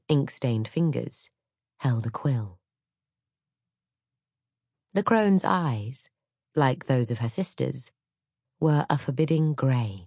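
A woman narrating a dark fairy-tale audiobook in a measured, dramatic storytelling manner. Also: very deep voice, no room sound, studio quality.

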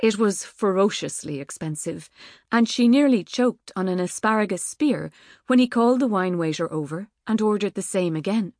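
A woman reading an audiobook in a measured, wry manner. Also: medium pitch, expressive, a little mellow, dry recording, studio quality. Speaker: audiobook narrator. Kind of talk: scripted narration. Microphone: studio microphone.

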